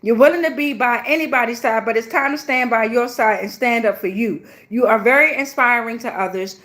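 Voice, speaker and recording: A woman's voice: fairly high pitch, brisk, a bit bright. Profane, fired-up woman tarot reader. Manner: blunt, profane, emotional, slangy. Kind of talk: casual tarot reading.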